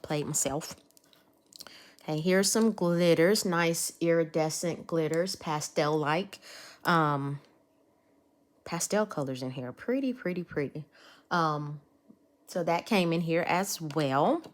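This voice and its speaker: A woman's voice: low voice, slow, long pauses. A woman chatting casually to her viewers while unboxing nail supplies. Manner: chatty, talks to viewers as y'all. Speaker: nail art vlogger.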